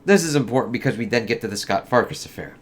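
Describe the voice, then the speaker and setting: Dude rambling thru a movie recap, cusses a lot, average pitch, gets loud doing the quotes. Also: male voice, animated, fast talker. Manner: profane, rambling, acts out quotes in raised voice. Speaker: movie reviewer. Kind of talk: casual spoiler review.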